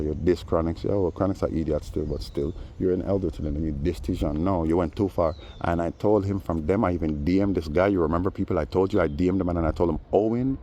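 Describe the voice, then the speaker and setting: A middle-aged Jamaican man talking in a casual vlog monologue, animated, laughing often and slipping into patois. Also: low voice, a little hiss or hum.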